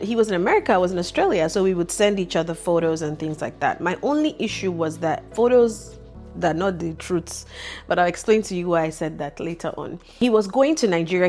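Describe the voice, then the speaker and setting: A woman's voice: lowish voice, a little mellow. A woman hosting a vlog, telling a candid personal story in a casual, chatty way. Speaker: vlog host.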